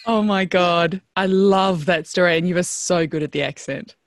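A woman hosts a conversational podcast interview. Her voice sits a little low, and she gently steers the guest's stories with questions. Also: normal speed. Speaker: podcast host.

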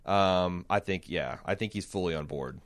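This deep-voiced man speaks at a normal speed while co-hosting a podcast. The talk is loose and casual, full of fillers and false starts.

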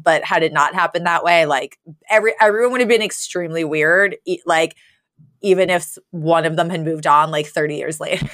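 A woman's voice: low voice, fairly bright tone, dry recording, clean studio sound. Giggly, chatty woman podcaster. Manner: giggly, chatty, lots of fillers. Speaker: podcast co-host recapping a sitcom episode. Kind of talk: casual chat.

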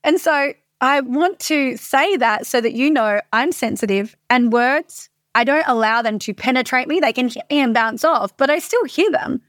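A woman's voice: high-pitched, normal speed, hardly any pauses, fairly bright tone, dry recording, clean studio sound. A woman in her thirties, a coach, talking casually and candidly with frequent swearing, in a motivational monologue. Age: 30s.

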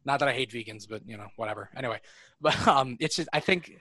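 A man's voice: medium pitch, quick pace, sharp tone, no echo. A man with a New York accent hosting a podcast, chatting casually in a rambling, joking way that keeps interrupting itself. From New York area. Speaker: podcast host. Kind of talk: casual chat.

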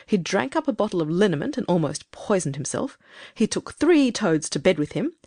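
A woman voicing a stern, irritable grown woman in an audiobook, speaking in a brisk, firm, scolding way. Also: mid-range voice, sing-song, a little mellow, dry recording, studio quality. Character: stern, irritable grown woman who sets strict rules. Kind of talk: audiobook character reading.

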